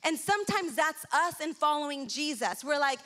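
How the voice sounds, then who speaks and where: Woman pastor, high voice, lively conversational preaching, stumbling restarts. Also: normal speed. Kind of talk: sermon. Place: church.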